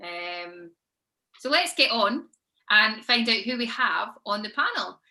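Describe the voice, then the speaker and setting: A woman's voice: on the high side, lively intonation, slow, pushed and bright. A woman hosting an online book panel over a video call, chatty with frequent ums. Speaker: panel host.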